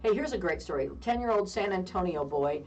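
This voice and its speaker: A woman in her fifties co-hosting a radio talk show, telling a long story in a lively way with frequent laughter. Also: fairly low pitch, a little fast. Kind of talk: casual on-air chat, storytelling. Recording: distant mic with faint background noise.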